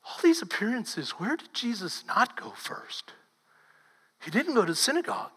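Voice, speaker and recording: A woman pastor with a Texan accent, preaching a sermon as lively storytelling that swings from loud to hushed. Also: a little high, normal speed, husky, long reverb tail.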